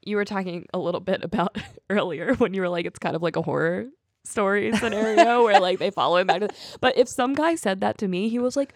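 Young female co-host, lively and profane, casual, dry studio sound. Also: medium pitch, brisk, dry recording. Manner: animated, swearing, laughing. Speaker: podcast co-host. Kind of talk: casual chat.

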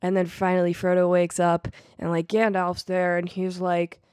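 A woman's voice: fairly low pitch, monotone, normal speed, a little mellow, clean tone, no echo, studio quality. A young woman co-hosting a podcast in casual chat, full of ironic self-mocking jokes. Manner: joking, ironic self-mockery. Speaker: podcast co-host.

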